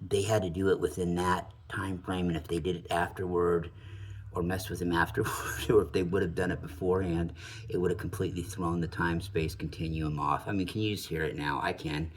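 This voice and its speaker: A man's voice: low-pitched, breathy edge. A middle-aged man hosting his own channel, rambling through a story in casual monologue, wry and cursing casually. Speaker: channel host.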